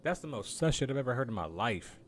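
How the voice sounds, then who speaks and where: A man's voice: mid-range voice, sing-song, fast talker, a little hiss or hum. A young man ranting casually on a game live stream, incredulous and profane, calling everyone "bro".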